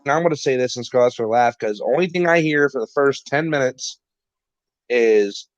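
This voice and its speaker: A man's voice: mid-range voice, fairly quick, no room sound. A man co-hosting a casual livestream chat, rambling and joking with lots of swearing. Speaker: co-host. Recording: dull lo-fi stream audio.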